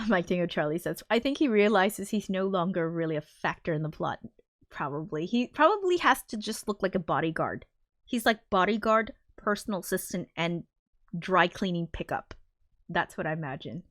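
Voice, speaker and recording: A woman's voice: lowish voice, expressive, moderate pace, a bit bright, no room sound, clean studio sound. A woman composer chatting casually on a livestream, rambling with frequent restarts and casual swearing. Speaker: composer streaming her work.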